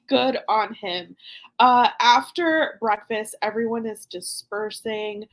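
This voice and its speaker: A high-voiced woman hosts a podcast in a loose, chatty way. She talks with lively energy and breaks into laughter often. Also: slow. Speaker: podcast host. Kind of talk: casual recap chat.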